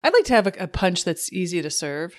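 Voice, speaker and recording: A woman with a somewhat low voice co-hosts a relaxed chat show. She talks in a chatty, teasing way and laughs often. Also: fast. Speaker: podcast co-host. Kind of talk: casual chat.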